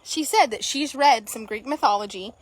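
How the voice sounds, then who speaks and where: A woman's voice: on the high side, normal speed, rough recording. A woman riding a horse outdoors, chatting casually and playfully putting silly thoughts into the animals' mouths. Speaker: horse trainer riding and narrating. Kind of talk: casual chat while riding. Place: outdoor horse barn or arena.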